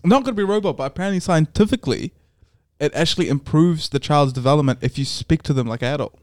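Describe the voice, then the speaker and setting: A man's voice: on the high side, fast talker, dry recording, clean studio sound. Laid-back young New man. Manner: laid-back, blunt, swears casually. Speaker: podcast co-host. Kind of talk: casual chat.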